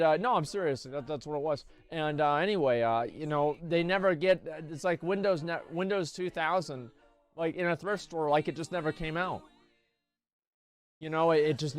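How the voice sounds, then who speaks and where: A man's voice: on the high side, fairly quick, soft background music. An American man telling a long story on stream, rambling and swearing with many fillers. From United States. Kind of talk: casual storytelling.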